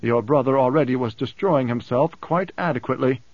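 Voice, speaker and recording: A man reading an audiobook, voicing a composed, wry man who speaks in a measured, deliberate way. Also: medium pitch, dry recording, lo-fi sound, natural voice. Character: calm, cool-headed man, dryly amused.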